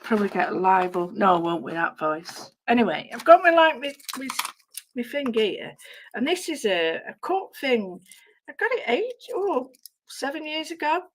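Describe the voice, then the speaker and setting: A middle-aged woman demonstrating a craft on a live stream, chatting and mocking herself as she works, her voice going hoarse. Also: on the high side, big pitch swings, normal speed. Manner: chatty, self-mocking, talks to herself while working.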